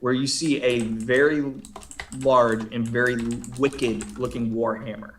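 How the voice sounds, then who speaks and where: Slow-talking man running a tabletop game. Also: medium pitch, fairly even intonation, slight background noise. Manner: halting, measured narration. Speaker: game master.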